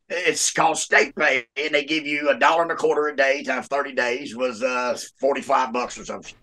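A man appears as a guest and tells a jail story in a casual, animated way, swearing a lot and laughing mid-story. He has a medium-pitched voice and a moderate pace.

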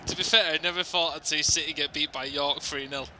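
A man's voice: fairly high pitch, fairly even intonation, fairly quick, background noise. A young man teasing and cheering on his friend during a football video game. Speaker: gamer friend. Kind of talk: casual banter while gaming.

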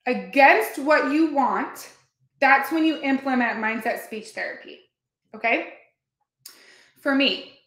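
Female workshop coach, bright high voice, earnest and repetitive, recorded in a reverberant room. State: near tears at times. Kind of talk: motivational workshop talk.

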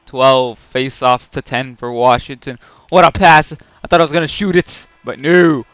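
A man commentating his own hockey video game, muttering play-by-play and then yelling at big plays. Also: mid-range voice, measured pace, smooth, dry recording. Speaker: gaming YouTuber. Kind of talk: excited play-by-play gameplay commentary.

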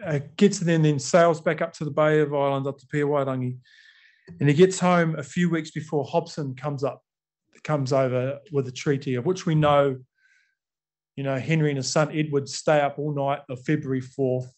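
His voice is slightly high with a darkish tone: a middle-aged New Zealander speaking to an audience in a chatty storytelling style, performing quotes and leaning on lots of fillers.

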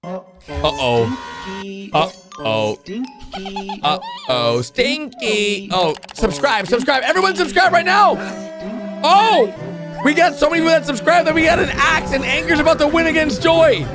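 A reaction video host giving excited commentary, exclaiming and firing off questions constantly as clips play. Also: high voice, a little slow, long pauses. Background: video clip audio with music.

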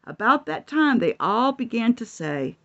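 Expressive woman reading a storybook. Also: a little high, unhurried, dull audio. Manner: expressive, gasping and whooping with delight. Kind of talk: reading a children's picture book aloud.

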